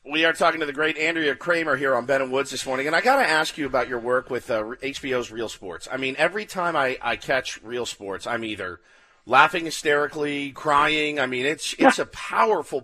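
A man co-hosts a sports talk show in a loose, joking way. His voice is bright and forceful. He chats easily with his guest. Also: medium pitch. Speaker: radio show co-host. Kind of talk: casual radio chat.

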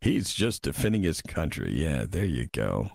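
A man's voice: very deep voice, big pitch swings, moderate pace, creaky, a little mellow, husky, no echo. A man hosting a talk radio show, reading listener messages and giving wry, emphatic commentary into a studio microphone.

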